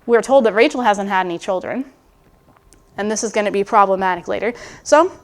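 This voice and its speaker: Her voice is medium in pitch and her delivery brisk. As a guest preacher she offers a casual, reflective sermon with asides and restarts, sometimes putting a biblical figure's inner thoughts into words.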